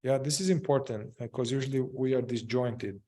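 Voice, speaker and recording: A man speaks at a middling pitch, leading a group through a gentle inquiry practice. He talks in a halting way, pausing often with fillers and starting sentences over. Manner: hesitant, many fillers and restarts. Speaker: group facilitator. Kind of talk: guiding a group in therapeutic inquiry.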